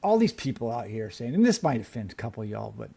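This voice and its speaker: A man's voice: mid-range voice, big pitch swings, fast talker, creaky, dark tone, slightly rough. A man co-hosting a sports podcast, ranting with lots of swearing and restarts. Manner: ranting, profane, many restarts. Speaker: podcast co-host. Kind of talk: heated sports podcast chat.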